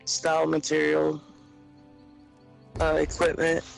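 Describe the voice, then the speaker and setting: Slow gravelly man, terse gamer. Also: on the high side, monotone, soft background music, low-quality recording. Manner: terse, slow, offhand, swears. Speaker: gaming friend. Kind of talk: casual chat while gaming.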